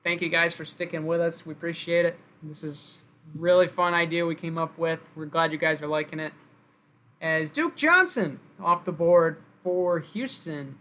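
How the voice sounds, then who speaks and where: A man's voice: a little high, moderate pace, pushed and bright. A man hosting a live stream, casually announcing picks and thanking viewers over an online call. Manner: upbeat play-by-play, thanks viewers. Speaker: host announcing draft picks.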